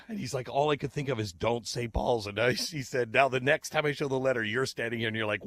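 A middle-aged man telling a casual anecdote in an animated way, acting out the people he quotes. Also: mid-range voice, fairly quick, few pauses. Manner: animated, acts out quoted voices, laughs while telling. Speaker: storyteller.

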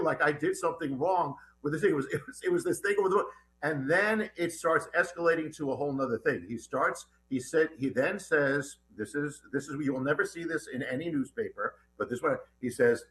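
A middle-aged man, a guest author in an interview, telling a personal story in an animated, urgent way with many restarts. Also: on the high side, a little fast, slight background noise.

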